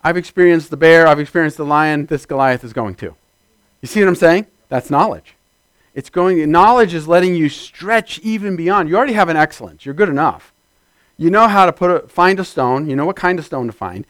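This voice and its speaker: A man preaching a sermon, building from steady teaching to loud shouted amens. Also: on the high side, a little fast, dry recording. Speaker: pastor.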